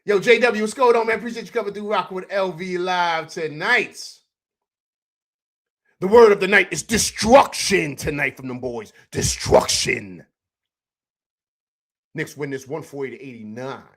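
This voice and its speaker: Hosting a relaxed livestream after the game, a young man walks through the highlights and welcomes viewers at a moderate pace. His excited, animated chat is loaded with fillers, and he keeps saying "man" and "you know what I'm saying."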